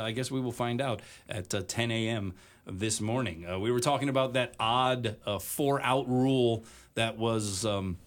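A man hosting a sports talk radio show, chatting casually with many filler pauses. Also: lowish voice.

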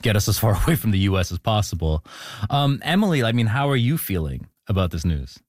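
A man's voice: on the low side, big pitch swings, quick pace, a little mellow, no echo, clean studio sound. A man hosting a panel discussion, putting playful questions to his guests. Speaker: host.

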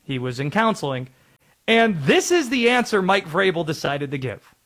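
A man co-hosting a sports talk show, arguing his side in a quick, playful way. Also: high voice, big pitch swings, fairly bright tone, slight background noise. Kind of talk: casual sports debate.

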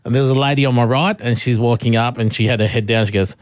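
A man's voice: mid-range voice, fast talker, dry recording, clean studio sound. A man hosting a radio show, telling a story in casual chat and laughing along the way. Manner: animated, laughs through his story.

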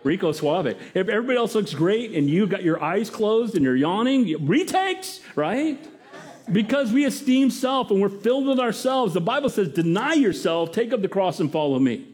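A man preaching a sermon as pastor, lively and talking straight to the congregation with questions. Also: sits high, brisk, hardly any pauses.

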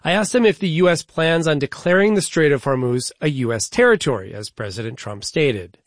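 A young man hosting a news interview, asking measured, pointed follow-up questions. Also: on the high side, animated, no room sound, clean studio sound.

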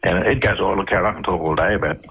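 Australian man, middle-aged, deep husky voice, halting storyteller, interview guest. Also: a bit bright, rough recording. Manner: halting, with many restarts and repeated words.

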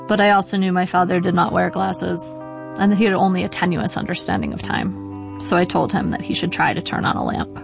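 A middle-aged woman reading her own memoir aloud in a measured, wry way. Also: fairly low pitch, lively intonation, creaky, music in the background. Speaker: narrator.

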